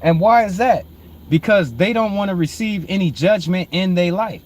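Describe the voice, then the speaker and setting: High-voiced man preaching casually. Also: normal speed. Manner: repetitive, calls listeners "family"; swings between low murmured reading and loud emphatic rising preaching. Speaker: host. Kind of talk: informal preaching on proverbs.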